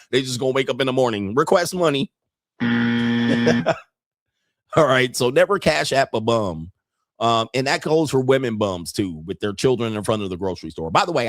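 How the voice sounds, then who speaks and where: A blunt, profane man hosting a commentary show, his voice sitting at an ordinary middle pitch. He laughs often as he talks. The sound is dry and close, with no room in it. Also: no echo. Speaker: commentary host. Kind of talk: casual commentary and storytelling.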